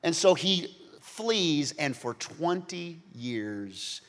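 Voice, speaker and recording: A man preaching a sermon, telling a story with animated energy and frequent stammered repeats. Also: a little high, extremely slow. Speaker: pastor. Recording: long hall reverb.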